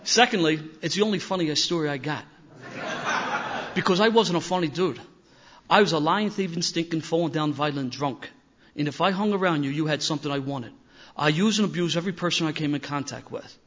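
On a dull, lo-fi recording, an older man from Philadelphia tells an audience his recovery story at a fairly quick pace. Rough-edged and mocking himself, he has a fairly high voice for a man and gets louder and more animated as the story builds.

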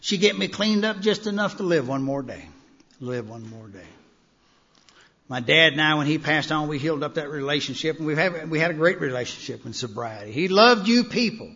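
Man, bright high voice, folksy recovery-meeting speaker, dull recording with long hall echo. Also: expressive, a little fast, hardly any pauses. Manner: folksy storytelling, frequent "you know". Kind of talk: personal recovery talk.

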